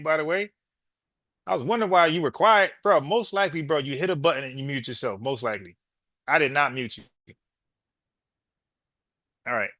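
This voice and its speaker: A man's voice: medium pitch, vocal fry, sharp tone, dry recording. Dry-voiced man hosting a heated call-in. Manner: argumentative, repeats points, talks to caller as bro. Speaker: podcast host.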